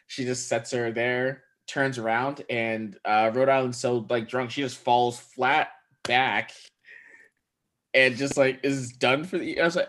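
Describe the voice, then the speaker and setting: Podcast host, male, laid-back wry chat, mid pitch. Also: steady tone, takes it slowly, a bit bright. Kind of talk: casual chat.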